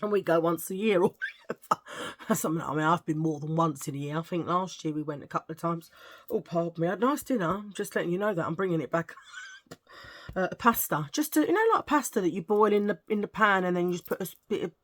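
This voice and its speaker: Chatty rambling woman, low voice. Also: fast. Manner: rambling, animated, laughs a lot, acts out quotes. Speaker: vlogger. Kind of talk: casual chatty storytelling.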